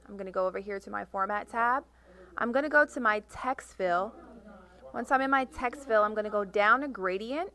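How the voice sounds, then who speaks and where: Woman, software tutorial instructor, step-by-step narration, a gravelly fry in her voice. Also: mid-range voice, normal speed. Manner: talks through each click step by step; reads instructions aloud, correcting herself. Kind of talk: screen-recorded software tutorial.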